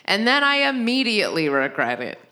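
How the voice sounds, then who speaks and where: A young woman performing a stand-up comedy set, rambling and self-deprecating, with frequent restarts and quick asides. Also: mid-range voice, very animated, sharp tone.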